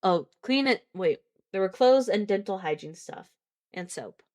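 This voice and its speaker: A woman's voice: medium pitch, animated, measured pace, darkish tone. A woman streamer reading a book aloud on a live stream, often stopping to laugh, react and reread lines.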